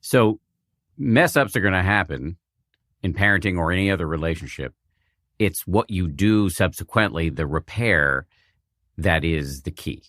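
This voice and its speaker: A man hosting a podcast interview, asking questions in a measured, plainspoken way. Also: sits low, expressive, a bit bright, no echo, studio quality. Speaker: podcast host. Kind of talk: interview hosting with read ads.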